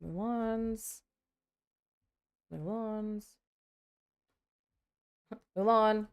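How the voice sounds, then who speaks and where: A woman's voice: mid-range voice, smooth. A woman talking casually to her viewers as she sorts a pile of trading cards, rambling and poking fun at herself. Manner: rambling, self-mocking, quick mock dialogues. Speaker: content creator building a card deck. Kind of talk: casual vlog chatter while sorting cards.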